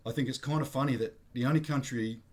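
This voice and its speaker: A man's voice: mid-range voice, steady tone, quick pace. Blunt, rambling Australian man. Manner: blunt, rambling, slangy, self-correcting. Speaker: vlogger. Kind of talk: casual opinion monologue.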